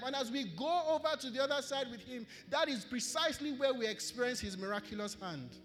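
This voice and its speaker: A man's voice: very high-pitched, a bit bright. A man with a Nigerian English accent preaching an earnest sermon to his church and repeating key phrases for emphasis. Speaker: pastor. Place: church hall. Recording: long church hall reverb.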